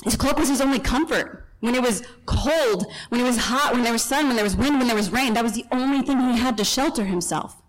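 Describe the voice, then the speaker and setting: Lively woman teaching from the Gospels. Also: fairly high pitch, a little fast, low-quality recording. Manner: lively storytelling, acts out the people in the story; chatty asides and self-corrections. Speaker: Bible teacher. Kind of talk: conversational Bible teaching.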